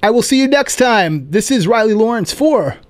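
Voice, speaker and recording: Male podcast host, higher register, playful comic storyteller. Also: slight background noise. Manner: animated, playful, quick asides like "right?". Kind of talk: casual storytelling monologue.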